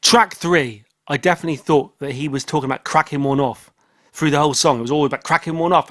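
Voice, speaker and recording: A man's voice: on the high side, expressive, brisk, fairly bright tone. A man with an English accent hosting an album review podcast, chatting casually and joking. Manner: joking, pushy. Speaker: podcast host. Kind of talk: casual chat.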